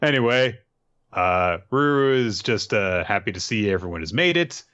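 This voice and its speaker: A man's voice: on the low side, lively intonation, moderate pace, a bit bright, clean tone. A man recapping a story casually, rambling with many fillers and jokey asides. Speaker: podcast host recapping an anime. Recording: dull lo-fi sound.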